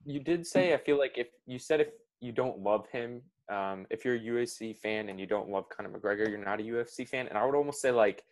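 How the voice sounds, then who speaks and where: A man's voice: mid-range voice, brisk, few pauses. A man co-hosting a casual podcast, talking with many fillers. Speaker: podcast co-host. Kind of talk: casual chat.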